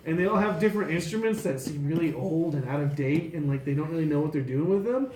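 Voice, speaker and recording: A man's voice: on the high side, lively intonation, quick pace, darkish tone, reverberant, a little hiss or hum, poor audio. A man narrating a tabletop game as game master, loose and profane with many fillers.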